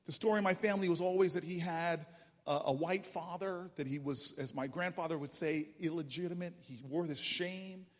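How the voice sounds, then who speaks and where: A man's voice: fairly high pitch, normal speed. A man from New Jersey, a politician, telling humorous stories to a crowd in a large public hall. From New Jersey, USA. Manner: animated, humorous, with many restarts. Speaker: politician speaking at a town hall. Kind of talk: storytelling speech. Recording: reverberant hall from far off.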